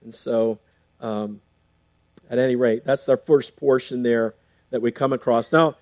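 A man's voice: mid-range voice, fairly even intonation, a little slow, darkish tone, no room sound. Conversational male pastor preaching. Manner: conversational preaching with fillers and repeated restarts. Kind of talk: sermon with scripture reading.

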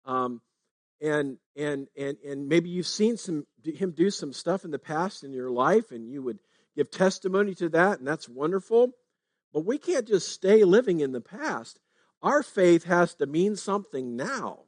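Pastor, male, slightly high voice, relaxed talky sermon delivery, dry recording. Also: unhurried, no echo. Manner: conversational preaching, frequent "right?" tags.

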